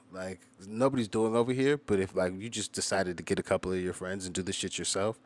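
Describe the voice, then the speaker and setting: Casting: deep-voiced American male reactor, loose, profane, filler-heavy. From United States. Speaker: rapper reacting to music videos. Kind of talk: casual reaction commentary.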